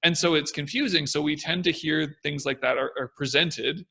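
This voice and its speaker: A young man co-hosts a casual discussion, his voice bright and forward with a noticeable gravelly fry. He explains ideas energetically and slips into little acted voices to make his points. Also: on the high side, moderate pace. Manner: animated, acts out confident and hesitant voices. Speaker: podcast co-host.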